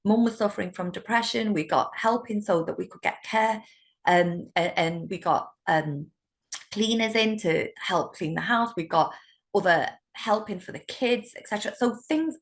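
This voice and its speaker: A middle-aged woman with a British accent, a solicitor telling stories in an interview, animated and laughing often. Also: mid-range voice, normal speed. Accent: British English. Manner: warm, animated storytelling with laughs. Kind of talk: conversational interview.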